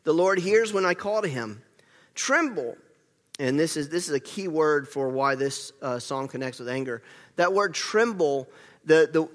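A man's voice: a little high, a bit bright, in a large hall. A man preaching a sermon as a pastor, earnest and conversational, often restarting his sentences.

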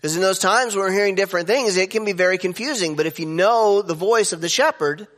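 A man preaching a sermon as pastor, animated and jumping up in pitch for emphasis. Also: fast. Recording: echoey hall with long reverb.

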